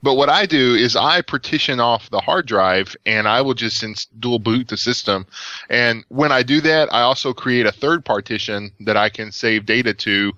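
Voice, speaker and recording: A man's voice: medium pitch, moderate pace, sharp tone, no echo. A man on a tech podcast panel who explains things step by step in a matter-of-fact way. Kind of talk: casual tech chat. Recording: dull lo-fi audio.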